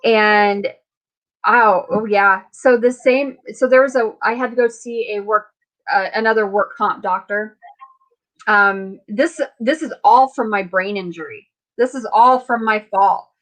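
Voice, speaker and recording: A middle-aged woman hosting a casual live chat, chatty and quick to laugh as she retells what people said to her. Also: mid-range voice, fairly bright tone, rough recording. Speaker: host.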